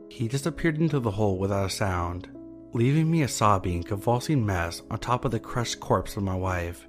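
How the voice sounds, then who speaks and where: A man's voice: on the low side, animated, moderate pace. A man narrating a first-person horror story in an intense, anguished manner. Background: faint music.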